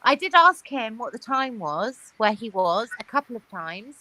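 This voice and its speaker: A woman's voice: a little high, sing-song, moderate pace, sharp tone, poor audio. A woman in a casual group chat, telling a story with frequent laughter.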